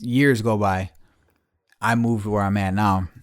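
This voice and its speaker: A man's voice: fairly low pitch, fairly even intonation, measured pace, dry recording, clean studio sound. Profane rambling New guy. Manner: profane, loose and chuckling. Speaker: podcast host. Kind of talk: rambling casual storytelling.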